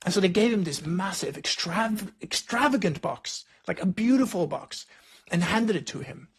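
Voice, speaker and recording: This podcast host is a man with a high, animated, slightly breathy voice at a moderate pace. He tells stories during an interview in a reflective, conversational way, often saying "like" and "right?"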